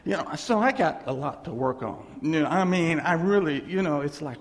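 A man preaching a sermon in a church, animated and laughing, acting out voices as he tells stories. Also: a little high, fairly quick, hardly any pauses. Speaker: pastor. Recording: echoey hall reverb.

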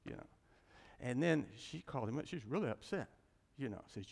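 A man's voice: medium pitch, expressive, fairly quick, gravelly, darkish tone, in a large hall. A man teaching a class in an informal, rambling way, with chuckles and folksy asides, like a pastor.

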